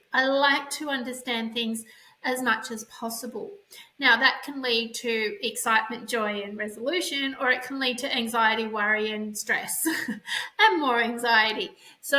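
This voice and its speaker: A woman's voice: on the high side, bright, forceful tone. A woman telling a personal story in a reflective way, with frequent ums and restarts. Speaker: author and neurodiversity speaker. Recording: echoey room.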